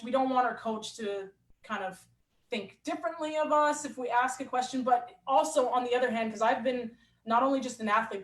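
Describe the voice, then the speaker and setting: Woman, higher pitch, animated storyteller, echoey room sound. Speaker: athlete and coach guest. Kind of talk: casual storytelling in an interview. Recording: roomy echo.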